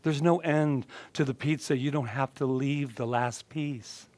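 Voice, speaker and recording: A man's voice: medium pitch, steady tone, unhurried, background noise. A male minister giving a casual, joking sermon and chatting with his congregation. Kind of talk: conversational sermon.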